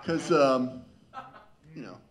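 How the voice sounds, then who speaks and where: A man doing a stand-up comedy set, rambling with halting, stammering restarts. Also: mid-range voice, animated, very noisy.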